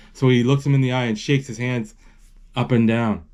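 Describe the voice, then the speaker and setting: A man casually retelling a film as he watches it, halting often with restarts and fillers. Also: medium pitch, steady tone, a little mellow, muffled recording. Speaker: amateur narrator retelling a film.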